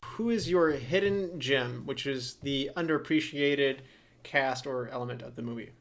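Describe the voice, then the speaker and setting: A man's voice: mid-range voice, moderate pace. A man co-hosting a casual movie podcast, joking around and laughing with his co-hosts. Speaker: podcast co-host.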